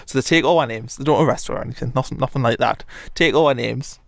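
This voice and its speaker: A young man from Northumberland with a Northumbrian accent, telling an animated story on a podcast, swearing and laughing along the way. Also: medium pitch, fast, vocal fry, no room sound, clean studio sound. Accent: Northumbrian English. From Northumberland, England. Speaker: podcast co-host. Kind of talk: casual storytelling.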